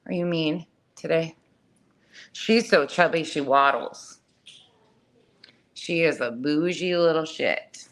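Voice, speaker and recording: A woman's voice: low-pitched, slow, pauses often, low-quality recording. A woman chatting casually at home about her cats, blunt and chatty, cursing freely. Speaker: cat owner vlogger. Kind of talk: casual chat to camera. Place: home, indoors.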